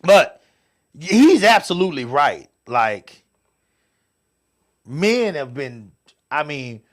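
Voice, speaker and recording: Animated man, lively pitch. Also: takes it slowly. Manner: animated, swearing, swings between loud outbursts and quiet asides. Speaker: podcast co-host. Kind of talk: casual chat with listeners.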